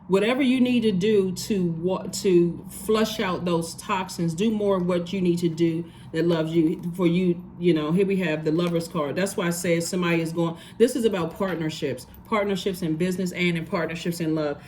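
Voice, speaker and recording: Low-voiced woman giving an emphatic tarot reading. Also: steady tone, normal speed, hardly any pauses, a little mellow, slight background noise. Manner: emphatic, repeats phrases for stress; conversational, loose and rambling. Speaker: tarot reader. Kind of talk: casual tarot reading monologue.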